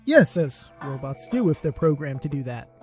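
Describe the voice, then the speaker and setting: A woman's voice: deep voice, sing-song, moderate pace, faint music behind. A woman hosting a let's play, chatting wryly and teasing the characters. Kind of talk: casual commentary with character voicing.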